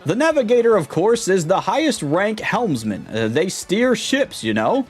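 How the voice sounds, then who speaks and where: A man voicing a pompous, boastful ship owner from a video game, lifted high and grand, each phrase drawn out with theatrical pride. Faint game music plays behind him. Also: sing-song, moderate pace. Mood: fretful. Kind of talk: reading game dialogue aloud in voice.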